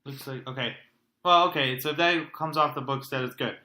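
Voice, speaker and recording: A man's voice: medium pitch, normal speed, bright, forceful tone. A man co-hosting a sports podcast, weighing options aloud in a hesitant, casual debate. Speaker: podcast co-host. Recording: roomy echo.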